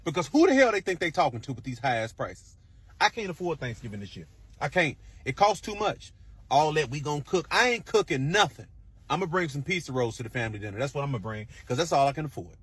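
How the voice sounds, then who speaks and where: A man delivering an exasperated, animated comedic rant. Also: on the high side, fast talker, slightly rough.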